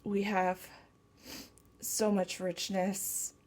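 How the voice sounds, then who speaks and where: Tarot lady talking real slow, tender and teary. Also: mid-range voice, flat delivery, a little mellow. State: tearful. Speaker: tarot reader. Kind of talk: channeled message reading.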